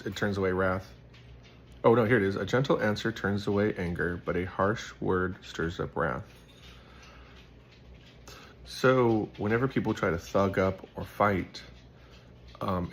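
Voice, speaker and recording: Low-voiced man rambling through a casual devotional. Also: slight background noise. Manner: rambling, filler-heavy storytelling with lots of "like". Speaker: host of a Bible devotional.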